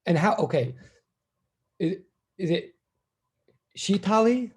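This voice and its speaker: Husky-voiced chatty man in his fifties. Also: on the high side, a little fast, a little mellow. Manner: rambling, chatty, self-deprecating. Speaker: physics teacher. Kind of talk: casual classroom chat.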